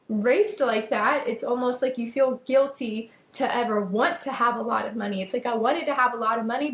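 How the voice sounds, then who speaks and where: A woman's voice: fairly high pitch, reverberant. A young woman hosting a podcast, giving a casual motivational talk in an earnest, emphatic manner and repeating phrases for emphasis. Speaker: podcast host.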